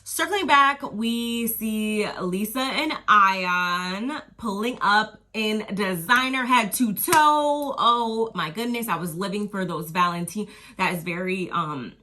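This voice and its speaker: A woman's voice: medium pitch, takes it slowly, hardly any pauses, sharp tone. A woman casually recapping a reality TV episode in a chatty, slangy way, laughing and acting out her own reactions.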